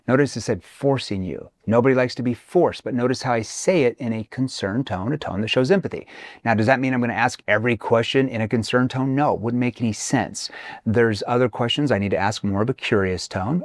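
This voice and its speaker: A man's voice: medium pitch, normal speed, dry recording. A man coaching salespeople, stepping in and out of sample questions to show a concerned or a curious tone. The sound is close and dry, with no room around it. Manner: demonstrates tones by acting out sales questions. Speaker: sales trainer. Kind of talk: instructional sales talk. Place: reacted video clip.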